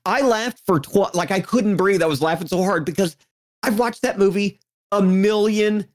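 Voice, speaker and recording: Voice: medium pitch, normal speed. A speaker in casual conversation, enthusing about films in a rambling, emphatic way and swearing for emphasis. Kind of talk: casual movie chat.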